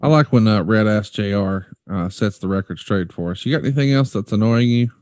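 A man's voice: fairly low pitch, expressive, fast talker, a little mellow, no echo, clean studio sound. A man co-hosting a podcast, asking easygoing questions. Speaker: podcast co-host. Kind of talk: casual podcast chat.

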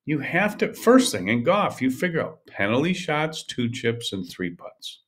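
A man's voice: a little high, big pitch swings, moderate pace, hardly any pauses. An older man hosting a podcast, coaching in an emphatic, repetitive monologue that often restarts mid-sentence. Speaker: podcast host, golf coach.

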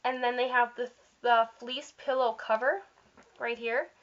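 Her voice is on the high side, steady, a bit bright, and a little slow. In a dull lo-fi recording, this vlogger gushes over holiday catalog items in a chatty, casual walkthrough full of fillers and little slips.

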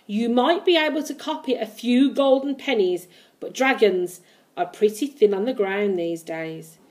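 A woman's voice: on the high side, animated, moderate pace, a little mellow, natural voice. A woman voicing a large, sarcastic, cigar-smoking pub landlady who scolds her husband. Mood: scolding.

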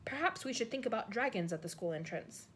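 Woman playing a fretful male minister, barking and lively, storybook. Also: fairly high pitch, fairly quick, a little hiss or hum. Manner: blustering, barking. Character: flustered middle-aged male government minister.

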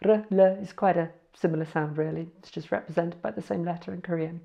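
A woman's voice: on the low side, steady tone, gravelly, mellow. Chatty woman spelling out letters. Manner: chatty, self-correcting, spells out letters slowly. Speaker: language learner sharing words. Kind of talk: casual spelling-out tutorial.

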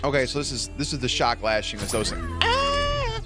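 A man's voice: mid-range voice, fast, faint music behind. A man hosting a reaction video, talking casually and profanely and cheering on the action. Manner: excitable, profane, cheers the screen on.

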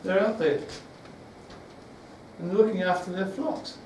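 A man's voice: high voice, measured pace, a little mellow, slight background noise. A man preaching a sermon, rambling with restarts and asking the congregation questions. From New Zealand. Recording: echoey room, from far off.

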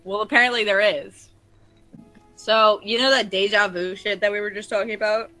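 A woman's voice: mid-range voice, fairly even intonation, moderate pace, sharp tone, no echo, soft background music, poor audio. A woman chatting casually while gaming, trading crude, swear-filled banter. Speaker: co-host of a gaming video.

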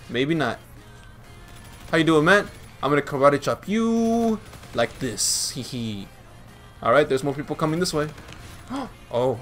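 A man giving playful, teasing commentary over his own gameplay, laughing often and breaking into excited yells. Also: on the high side.

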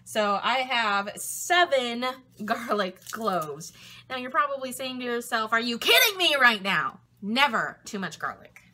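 A woman's voice: fairly high pitch, very animated, a little slow, bright, forceful tone, a little hiss or hum. A woman chatting playfully while cooking in her home kitchen, talking to her food as she goes. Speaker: cooking vlogger. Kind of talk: casual chat while cooking.

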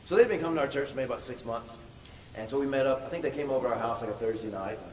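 A man's voice: mid-range voice, rapid-fire, a little mellow. Emphatic man preaching in a hall. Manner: emphatic, repeats words for stress. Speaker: pastor. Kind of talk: storytelling sermon. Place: large church hall. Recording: echoey hall from far off, faint noise.

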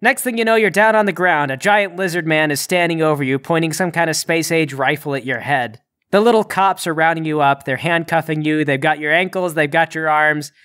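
A man narrating a tabletop role-playing game as game master, with animated, theatrical delivery. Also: fairly high pitch, brisk.

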